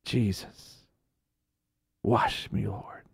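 Man playing an earnest, remorseful sheep, slow and pleading. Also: mid-range voice, very animated, mellow, no room sound, clean studio sound. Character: repentant sheep, ashamed and pleading with God.

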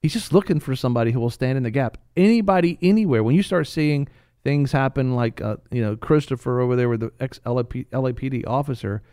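A middle-aged man hosting a Christian radio talk show, animated and joking with his co-hosts. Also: mid-range voice, fast talker, smooth, no room sound, clean studio sound. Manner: animated, joking, shifts into a hushed dramatic reading. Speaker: radio host. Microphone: studio microphone.

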